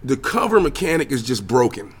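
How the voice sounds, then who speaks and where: A young podcast host and streamer, medium-pitched with a breathy edge, speaks a little fast as he rants solo about video games and the news. He curses, stays animated, and lets filler words trail off constantly.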